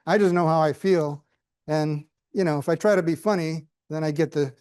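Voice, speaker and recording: A man's voice: on the high side, normal speed, a little mellow, clean tone, dry recording. A middle-aged man giving a prepared speech with humorous storytelling, dry asides and questions to the audience. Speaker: club speaker.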